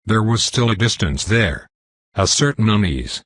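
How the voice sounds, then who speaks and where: Guy narrating a dark fantasy webnovel, steady pace, husky voice, dry close mic. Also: lowish voice, dry recording. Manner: steady, measured storytelling. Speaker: audiobook narrator. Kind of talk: scripted narration of a dark fantasy web novel.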